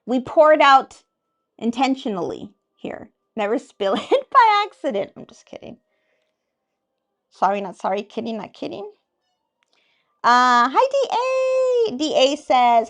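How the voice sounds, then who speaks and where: A woman's voice: high voice, big pitch swings, a little slow, vocal fry. A woman hosting a casual livestream chat, reading viewer comments aloud in a playful, teasing way and laughing often. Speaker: livestream host.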